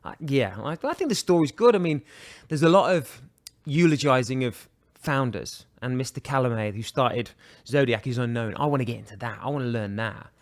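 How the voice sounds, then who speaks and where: A man's voice: mid-range voice, moderate pace, hardly any pauses. A man with a British accent, talking as a guest on a casual podcast in a chatty, enthusiastic way with frequent restarts. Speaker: guest, watch brand director.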